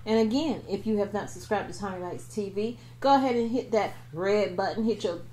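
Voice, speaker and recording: A woman's voice: medium pitch, brisk, warm tone. A woman hosting her own mukbang vlog, talking loosely and playfully. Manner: loose, playful, chatty with slang. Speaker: vlog host. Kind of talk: casual mukbang chat.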